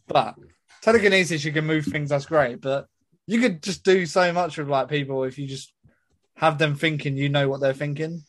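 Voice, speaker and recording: A man's voice: fairly high pitch, normal speed, fairly bright tone, no room sound. A man co-hosting a podcast, playful and mischievous in casual banter. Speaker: podcast co-host.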